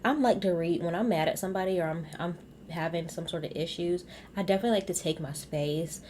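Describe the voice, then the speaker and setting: A woman hosting a casual reality TV recap, blunt and animated, talking straight to her viewers. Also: on the low side, fast, slight background noise.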